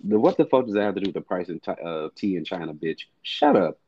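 A man's voice: low voice, big pitch swings, fast talker, a little mellow, slightly rough, no echo, dull audio. A man co-hosting a casual music podcast, blunt, profane and emphatic. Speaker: podcast co-host.

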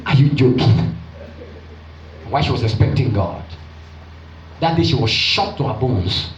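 Animated pastor, in a roomy hall. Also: male voice, moderate pace. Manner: animated storyteller acting out voices, jumping high for excited women. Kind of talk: storytelling sermon. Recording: roomy, distant and dull.

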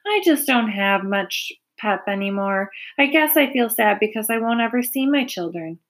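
Woman doing a soft tired spider lady, gentle and wise, kinda high. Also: expressive, moderate pace. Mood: weary, tender.

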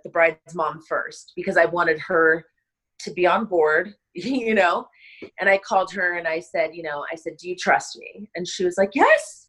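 A woman wedding planner, middle-aged, telling a personal story in a casual interview, emotional and halting, with many restarts and fillers. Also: on the low side, a bit bright, low-quality recording.

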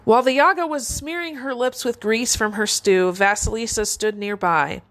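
A woman storyteller with a fairly high voice reads a folk tale aloud. Her narration is measured and expressive.

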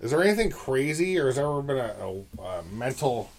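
A man's voice: medium pitch, very animated, quick pace. A man co-hosting a podcast, asking his guest questions in a casual, curious way. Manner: curious, asks questions, hesitant restarts. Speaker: podcast co-host. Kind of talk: casual chat, interviewing.

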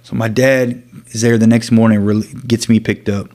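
A man's voice: fairly low pitch, level tone, darkish tone. Earnest man telling his story. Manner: earnest, halting, with many restarts. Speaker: guest sharing his testimony. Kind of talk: personal storytelling.

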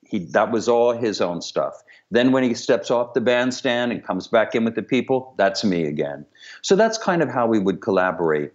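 A man's voice: on the low side, sing-song, normal speed. A man, a director and choreographer, talking candidly and with humor in a remote interview over a video call. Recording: dull lo-fi call audio.

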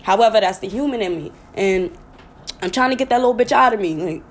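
A woman's voice: mid-range voice, a little fast. Blunt, chatty woman podcast host. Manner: blunt, profane, chatty, with sudden laughing outbursts. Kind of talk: casual live talk to listeners.

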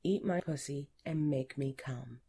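A woman voicing a stern, teasing female office supervisor in an erotic audiobook reading, speaking in a sly, commanding way that often drops to a hush. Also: very deep voice, a little slow, vocal fry, slightly rough, heavily acted.

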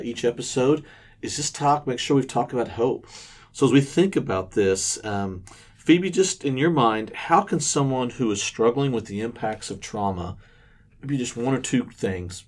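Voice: medium pitch, a little mellow. A podcast host guiding a faith conversation, asking questions and affirming the guests' answers. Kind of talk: hosting a faith talk show.

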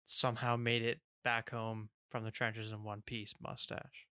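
A man's voice: medium pitch, little pitch movement, measured pace, bright, forceful tone, clean tone, no echo, clean studio sound. A man co-hosting a podcast, rambling easily in casual chat with lots of fillers. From England. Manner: easygoing, rambling with many fillers. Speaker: podcast co-host.

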